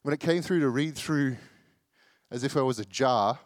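A man's voice: medium pitch, moderate pace, dry recording. Chatty man preaching, dry sound. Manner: chatty, self-deprecating, acts out the people in the story. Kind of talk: casual sermon.

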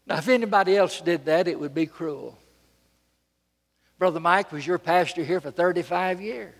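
A man preaching a sermon from a church pulpit, dramatic and emphatic, repeating phrases and swinging between loud and soft. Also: high-pitched, normal speed, long reverb tail.

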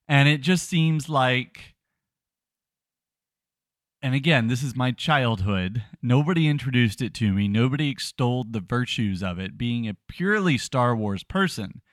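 A man in his thirties chats casually on a podcast, rambling and poking fun at himself as he restarts his sentences. His voice sits in an ordinary middle pitch, and the sound is dry and close to the microphone. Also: fairly bright tone, no echo. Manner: rambling, self-deprecating, frequent restarts. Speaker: podcast co-host. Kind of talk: casual chat.

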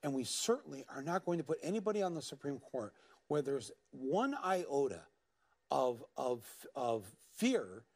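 A man speaking earnestly as a guest in a televised interview, halting and repeating words as he goes. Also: mid-range voice, very animated, a little mellow.

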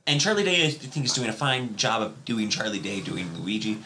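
An excitable man chatting on a movie podcast. His pitch leaps all over the place and his tone is bright and sharp. There is a faint hiss behind him. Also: a little fast. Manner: excitable, swooping exclamations. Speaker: podcast co-host. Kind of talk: casual chat.

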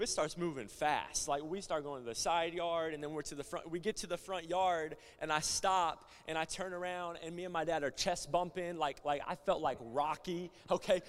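A young male pastor from Florida preaching at a conference, moving from quiet stories to loud, passionate preaching. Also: fairly high pitch. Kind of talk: conference sermon with storytelling. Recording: long hall reverb.

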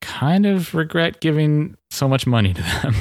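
A man co-hosting a podcast in casual chat, wry and quick to laugh. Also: on the high side, big pitch swings, darkish tone, dry recording, clean studio sound. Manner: chatty, laughs often, wry asides. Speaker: podcast co-host.

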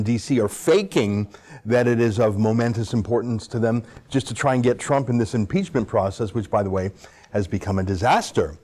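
A man's voice: medium pitch, dark tone. A man delivering an opinionated political monologue, full of sarcastic asides and rhetorical questions. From Canada. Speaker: political commentator host.

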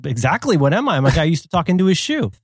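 Animated man with lively, bouncing delivery. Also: on the high side, very fast, slightly rough, no room sound, clean studio sound. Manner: animated and playful, breaks into goofy voices and bits of song. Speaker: podcast co-host. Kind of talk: casual chat.

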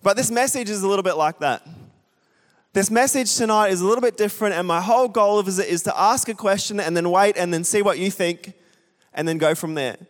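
A young male pastor preaching to a congregation, talking in a chatty, self-deprecating way and throwing questions out to the room. His voice is smooth and resonant, pitched a little high for a man. It rings with a long reverb through the church hall. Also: fairly quick. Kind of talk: sermon with a storytelling aside.

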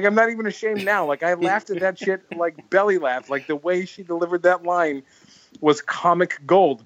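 A man's voice: high-pitched, fairly bright tone, dull audio. A man hosting a casual podcast chat, telling long stories with lots of fillers and restarts. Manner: rambling, full of "like" and restarts, laughs while telling stories. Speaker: podcast host.

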